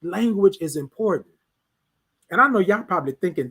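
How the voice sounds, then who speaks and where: A man with a high, husky voice hosts a live stream from his home. His pitch swings widely as he preaches, circling back to the same rhetorical questions again and again. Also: animated, normal speed, a bit bright. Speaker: host of a live talk stream. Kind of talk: motivational live-stream talk.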